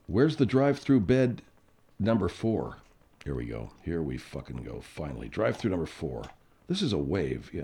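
A man's voice: sits low, very animated, unhurried, creaky, warm tone, husky. A male radio show host in casual, profane chat who rambles and laughs easily.

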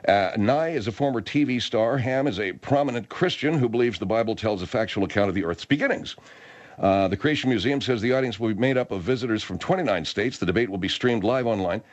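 A man's voice: fairly low pitch, fast. A man hosting a radio talk show, rambling and hesitant as he chats. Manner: rambling, hesitant, lots of restarts.

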